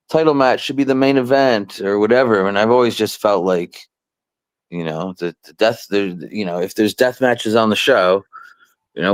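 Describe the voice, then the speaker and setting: Low-voiced guy chatting on a podcast, lots of ums and restarts, dry close sound. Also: no echo. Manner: relaxed, halting, many fillers and restarts. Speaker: wrestling promoter, show regular. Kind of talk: casual podcast chat.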